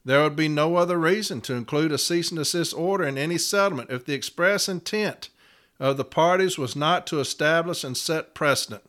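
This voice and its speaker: A man's voice: on the high side, a little fast, fairly bright tone. A man hosting an episode, earnestly explaining a labor arbitration decision and reading contract language aloud with emphasis. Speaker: union steward and podcast host.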